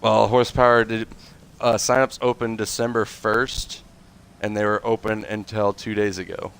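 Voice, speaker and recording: A man's voice: on the low side, level tone, normal speed, creaky, a bit bright, clear, resonant tone. A man with a slightly nasal, congested voice from a cold, hosting a livestream and making casual announcements with lots of fillers and self-corrections. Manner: rambling, chatty, frequent fillers and self-corrections. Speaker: league host and event coordinator.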